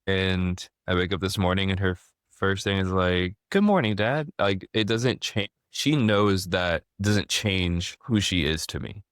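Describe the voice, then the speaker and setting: A deep-voiced man in his thirties hosts a podcast conversation. He tells animated stories and often restarts his sentences. His voice sounds close and dry, with no room echo. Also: a little slow, clean tone. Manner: animated storyteller, frequent restarts. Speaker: podcast host. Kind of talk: casual conversation.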